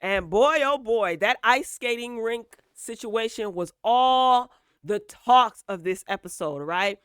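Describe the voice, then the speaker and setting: A woman's voice: a little high, lively intonation, takes it slowly, smooth, no echo, clean studio sound. A woman giving a casual, opinionated recap of a reality show, chatty and blunt, tagging her points with "okay?" and "right?". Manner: sassy, blunt asides.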